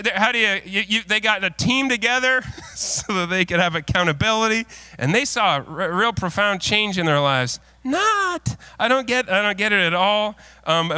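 A middle-aged male pastor preaching a sermon, mixing folksy, self-deprecating stories with earnest, lowered exhortation. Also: pushed and bright, clean tone, no room sound. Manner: folksy, self-deprecating storytelling with frequent laughs.

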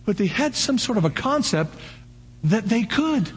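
An older male pastor delivers a sermon in a husky, breathy voice that sits high for a man. He swings widely in pitch, throwing out one rhetorical question after another and bursting into animated shouts. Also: normal speed.

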